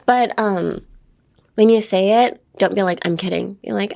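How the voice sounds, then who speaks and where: A woman's voice: normal speed, gravelly, darkish tone. A young woman with an American accent and English as her first language, teaching English pronunciation on a podcast in a chatty, playful way. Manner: chatty and playful, acting out lines with big pitch jumps. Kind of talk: casual podcast English lesson.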